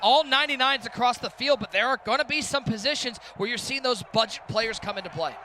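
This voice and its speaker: High-voiced man calling plays. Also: a little fast, slight background noise. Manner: excitable, shouts on big plays. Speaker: esports commentator. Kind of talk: play-by-play commentary.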